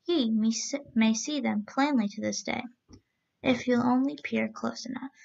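A woman reading a storybook aloud as a storyteller, in a steady, even-paced read-aloud manner, on a dull lo-fi recording. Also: fairly high pitch, normal speed, gravelly.

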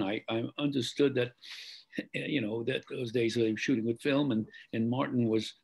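Older man telling stories, husky and halting. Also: mid-range voice, low-quality recording. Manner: halting, many fillers and restarts, clears throat. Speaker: actor guest. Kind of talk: interview storytelling.

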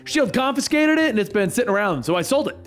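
A man voicing a loud, excitable male mercenary antihero who cracks jokes, for a comic story recap. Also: very high voice, quick pace, faint music behind, pitched above the performer's own voice. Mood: flippant.

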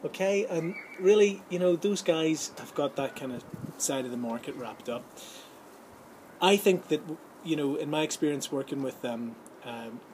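A man's voice: mid-range voice, normal speed, darkish tone, rough recording. A man hosting a vlog, talking casually and jokily to camera with a rambling, filler-heavy delivery. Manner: chatty and jokey, many fillers and restarts. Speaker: vlog host giving film and voiceover tips. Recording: clear background ambience noise.

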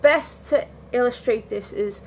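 Slow, gravelly-voiced tired woman vlogging. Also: a little high, slight background noise. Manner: rambling, candid, restarts often. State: tired, yawning. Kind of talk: casual lockdown vlog chat. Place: at home.

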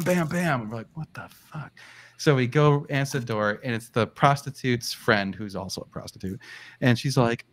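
Animated man telling a wild story. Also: slight background noise. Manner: animated, swears freely, acts out quotes in a high voice. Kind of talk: casual storytelling on a live car show.

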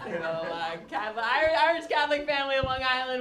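A woman's voice: high-pitched, animated, fast talker, slight background noise. A woman performing a stand-up comedy set on a club stage, bubbly and self-mocking. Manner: bubbly, self-mocking, acts out quoted voices. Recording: echoey club, loud audience laughter.

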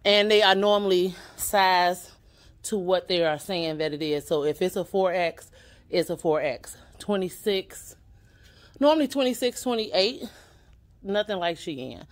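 An upbeat woman with a fairly low voice hosts a casual shopping vlog. She chats straight to her viewers as she walks through an indoor boutique. She is recorded on a handheld camera. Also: measured pace. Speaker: vlogger touring a store.

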